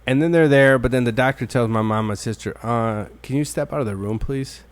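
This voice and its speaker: A man hosting a podcast in easy, unscripted chat. His voice sits at a middling pitch, and he rambles through his stories with plenty of swearing, switching into the voices of the people he quotes. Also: a little fast, no echo. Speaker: podcast host.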